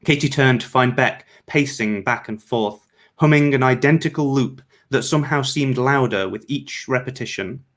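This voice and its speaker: A man reads his own story aloud at a measured pace. His voice sits mid-range for a man, and his narration is even and steady. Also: mid-range voice. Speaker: author. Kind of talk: reading fiction aloud.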